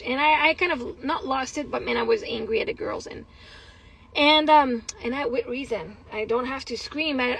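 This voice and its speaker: Candid, high-voiced woman venting in a vlog. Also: fairly bright tone, rough recording. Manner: candid, rambling and frustrated, with laughs and swearing. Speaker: vlogger. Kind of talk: casual personal vlog.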